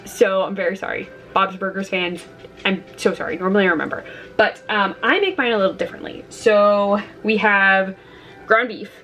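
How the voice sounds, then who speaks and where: A chatty woman vlogging from her home kitchen at a middle pitch. She talks casually to the camera and jumps up into excited squeals when something delights her, and faint music plays underneath. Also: moderate pace.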